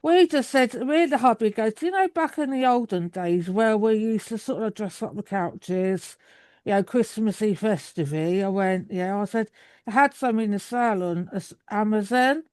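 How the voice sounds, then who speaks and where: A woman's voice: mid-range voice, lively intonation, normal speed, darkish tone, no echo. A woman in her thirties, chatting over a video call in a rambling way with many restarts. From England. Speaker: guest. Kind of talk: casual video call chat.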